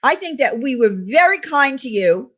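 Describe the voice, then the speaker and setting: A woman's voice: high-pitched, sing-song, moderate pace, dull audio. A woman hosting her own channel, angrily ranting with sarcastic, indignant questions and repeated names. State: angry. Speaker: YouTube commentary host. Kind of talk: angry ranting commentary.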